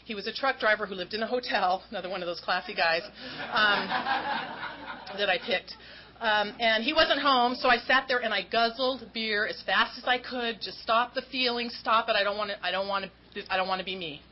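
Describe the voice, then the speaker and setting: A woman's voice: medium pitch, fairly quick. A woman speaks at an AA meeting, telling her story with candid, self-mocking humor and putting on voices for the people in it. Her voice sits mid-range, and the recording is dull and lo-fi. A faint hiss runs underneath. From Southern California. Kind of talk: recovery talk storytelling.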